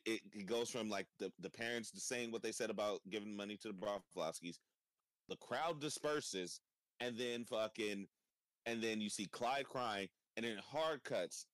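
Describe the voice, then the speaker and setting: A man's voice: on the low side, fairly bright tone, no echo. A young man hosting a casual chat, laughing often, swearing freely and rambling about a cartoon episode. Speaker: podcast host.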